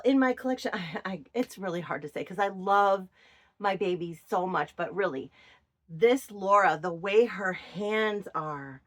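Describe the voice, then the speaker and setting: A woman's voice: mid-range voice, fairly bright tone. A woman, chatting casually and gushing over her collection. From Minnesota. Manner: gushing, doting, with drawn-out praise. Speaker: doll collector vlogger. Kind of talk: casual chat to viewers.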